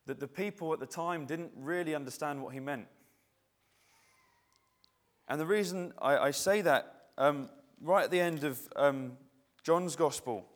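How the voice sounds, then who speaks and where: A male preacher giving a conversational, reflective sermon, often restarting his phrases. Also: a little high.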